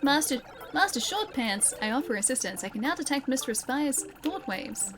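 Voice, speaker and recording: A woman with an Australian accent reading the lines of a calm, formal female sword spirit from a game. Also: high-pitched, normal speed, noisy background, pitched above the performer's own voice. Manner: formal, stiff phrasing read aloud.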